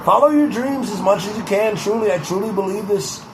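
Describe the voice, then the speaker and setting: A man's voice: high voice, a little fast, noisy background. A man doing a comedic impression of a boastful older male public figure, giving a rambling, profane pep talk with a hint of a Boston accent.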